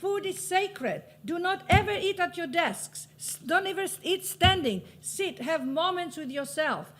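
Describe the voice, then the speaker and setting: A woman's voice: very high voice, lively intonation, measured pace, fairly bright tone. A middle-aged woman from Greece giving an impassioned motivational talk on a panel, exhorting the audience and sometimes laughing at her own lines. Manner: passionate, preachy, laughing asides. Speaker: panelist and author.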